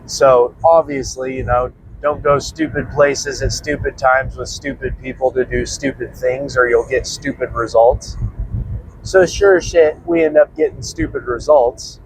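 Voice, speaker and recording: A man's voice: mid-range voice, steady tone, a little slow, a little hiss or hum, poor audio. A young man casually telling a personal story, rambling and swearing freely as he goes. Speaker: prepping channel host.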